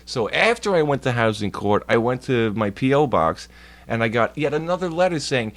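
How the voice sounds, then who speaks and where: Streaming from home on a laptop mic, a man with a mid-range voice, lively intonation and moderate pace rambles through a profane story. He chats casually and does voices for the people he quotes.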